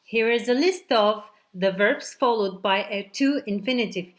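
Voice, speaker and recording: A woman teacher giving a recorded grammar lesson, explaining examples step by step and often checking with "okay". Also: medium pitch. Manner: slow, deliberate explaining with frequent "okay" checks. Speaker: English teacher.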